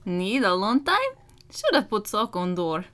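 A woman voicing a cheeky, teasing male hockey roommate with slow, deadpan one-liners. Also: mid-range voice.

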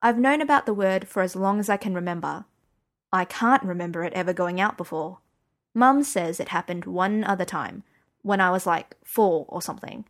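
A woman's voice: on the low side, moderate pace, fairly bright tone. Woman narrating a first-person story. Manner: conversational, wry first-person telling. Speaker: audiobook narrator.

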